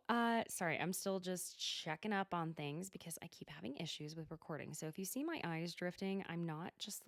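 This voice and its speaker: A woman's voice: on the low side, no room sound, studio quality. Giggly chatty woman with Oklahoma twang. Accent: Oklahoma Southern. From Oklahoma, USA. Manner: giggly, chatty, blunt, swears. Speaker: podcast host. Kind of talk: casual solo recap chat.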